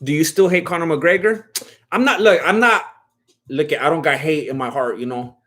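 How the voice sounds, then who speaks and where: A man's voice: a little high, moderate pace, fairly bright tone. A man streaming a fight watch-along, casually chatting and answering viewer questions in a laid-back, slangy way with frequent laughter. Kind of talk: casual livestream chat.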